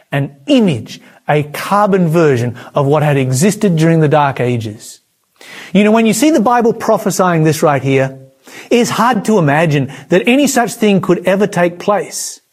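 Husky, emphatic male preacher. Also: darkish tone. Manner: emphatic, dramatic rises and drops in pitch. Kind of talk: prophecy sermon.

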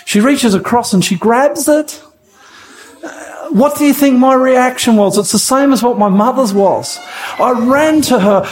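A man preaches with fervent, pleading intensity, repeating his key phrases for emphasis. His voice sits notably high for a man. It is an evangelistic sermon delivered straight to the listener. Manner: impassioned and pleading, with emphatic repetition.

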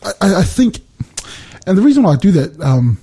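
This man has a high, sing-song, husky voice with a dark tone and a brisk pace as he teaches from the Bible casually. Explaining step by step, he often checks in with his listener using "right?" and "you know".

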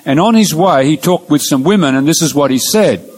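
A man with a fairly high voice delivers a Bible lecture, moving through numbered points as he points out pictures on his slides. He speaks in a measured, earnest way and leans on key words for emphasis. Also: animated, darkish tone, a little hiss or hum, low-quality recording. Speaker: Bible teacher.

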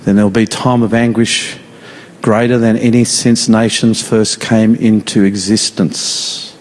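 A man preaching a sermon in an earnest, pleading, slow and emphatic way. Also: on the low side, flat delivery, a little mellow. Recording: long reverb of a large hall.

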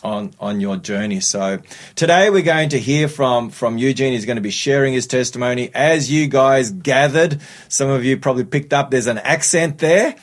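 A man's voice: medium pitch, moderate pace. An upbeat man hosts a radio studio chat, sounding slightly nasal from a cold. He talks in a friendly, rambling way and keeps repeating himself as he goes. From Australia. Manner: upbeat, chatty, laughs often, repeats words. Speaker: radio show host.

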